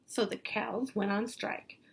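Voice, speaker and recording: A woman reading a picture book aloud to children in a gentle, playful way, pausing to point out the pictures. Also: mid-range voice, fairly even intonation, gravelly. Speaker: storybook reader for children.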